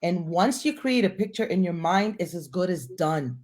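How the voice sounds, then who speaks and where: A woman's voice: fairly low pitch, animated, moderate pace, darkish tone. A woman hosting a live stream conversation, speaking with enthusiasm and addressing viewers directly.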